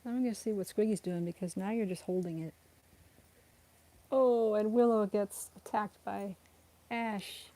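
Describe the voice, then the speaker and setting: A woman's voice: fairly even intonation, a little slow, long pauses, warm tone. A young woman chatting casually on a live stream at home while her rescue cats play, laughing often and cooing at the cats. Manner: giggly, chatty, talks to the cats in a high coaxing voice. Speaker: cat rescue livestreamer.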